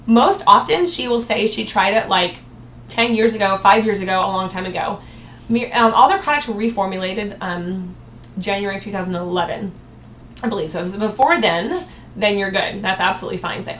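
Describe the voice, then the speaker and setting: A woman's voice: mid-range voice, fairly quick, fairly bright tone. A woman giving a sales training talk, upbeat and acting out cheerful sample replies to customers. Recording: echoey room with faint noise.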